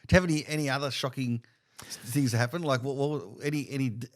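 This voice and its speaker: A man hosts a relaxed chat, mostly nodding along with short replies. When he does ask something, the question comes out loose and rambling, in a mid-pitched, everyday voice. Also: quick pace. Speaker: host. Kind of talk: casual interview.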